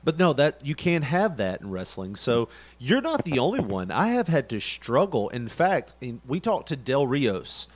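A middle-aged man, a ring announcer and radio host, chatting casually and telling stories in an animated way before delivering an upbeat promotional pitch. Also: moderate pace, hardly any pauses. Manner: animated storyteller with lively intonation; promotional pitch with rising energy.

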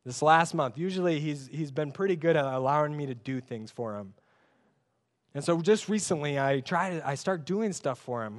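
A young male pastor with a high voice delivers a sermon in a conversational, emphatic way. He leans on rhetorical questions and keeps the tone informal. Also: expressive, brisk.

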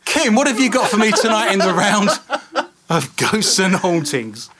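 A man's voice: sits high, moderate pace, over a noisy crowd. A British man hosting a casual radio chat, telling stories with self-mocking humour. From Britain. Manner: animated, self-mocking storyteller. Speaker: podcast host.

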